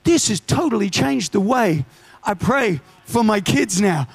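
A man preaching a sermon, telling stories with lively asides and urgent declarations. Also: high voice, unhurried, creaky, slightly rough.

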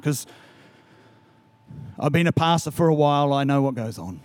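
Male pastor giving a sermon, kinda high voice, dry close sound, earnest and repeats stuff. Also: moderate pace, long pauses, darkish tone, clear, resonant tone, dry recording. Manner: earnest, urging, repeats key phrases. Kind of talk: sermon and closing prayer.

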